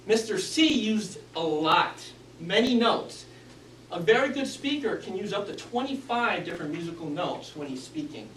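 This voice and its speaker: A man's voice: sits high, expressive, normal speed, fairly bright tone, slight background noise. A man giving a prepared club speech on speaking skills, with varied inflection and an instructive manner. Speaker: Toastmasters speaker. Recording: echoey room, mic from a distance.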